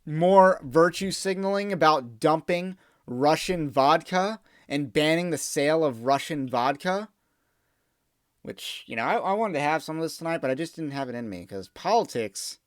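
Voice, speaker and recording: A man's voice: a little high, no echo, clean studio sound. A man hosting a podcast, giving opinionated political commentary in an emphatic, digressive monologue. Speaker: podcast host.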